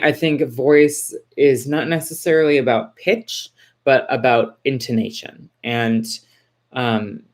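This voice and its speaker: A woman in her forties from Texas, hosting a casual livestream and chatting to viewers. She greets them by name and answers in a reassuring, rambling way, full of fillers and restarts. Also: a bass voice. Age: 40s. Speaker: livestream host.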